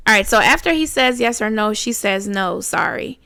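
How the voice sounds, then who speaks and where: A woman's voice: mid-range voice, normal speed, creaky, hardly any pauses, clean tone, no room sound, clean studio sound. A woman hosting a reaction channel, reading out text messages in casual commentary and reacting bluntly with exasperation. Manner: blunt, exasperated, rising loud when indignant.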